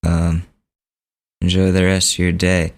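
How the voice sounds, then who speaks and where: A man's voice: low-pitched, monotone, a little slow. A man voicing a polite young male campaign staffer who answers hesitantly and courteously.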